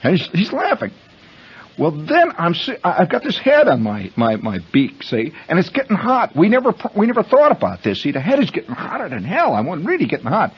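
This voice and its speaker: A man's voice: high-pitched, wildly swooping pitch, fairly quick, husky. Man telling a rambling radio story. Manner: rambling, conversational, addresses listeners as friends. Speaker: radio host. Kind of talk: storytelling monologue. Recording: muffled vintage radio broadcast.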